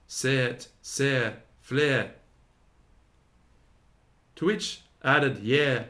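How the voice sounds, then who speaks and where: Slow, deliberate male reader of grammar. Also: mid-range voice, a bit bright. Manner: slow, deliberate, sounding out each example word. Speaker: teacher reading a historical grammar aloud. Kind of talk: read-aloud lesson.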